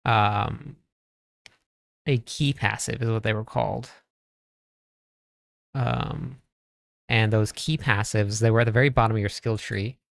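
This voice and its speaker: A man's voice: fairly low pitch, fairly even intonation, measured pace, creaky, long pauses, no echo. A man streaming a game, chatting casually, thinking aloud and talking to his chat. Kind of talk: casual live-stream commentary.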